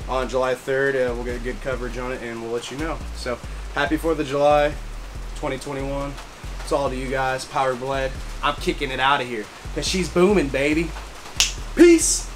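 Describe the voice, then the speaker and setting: A man showing off his gear in a casual vlog, excitable and slangy, repeating catchphrases and whooping. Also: medium pitch, a little fast. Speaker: fireworks vlogger. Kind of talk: casual show-and-tell vlog. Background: background music.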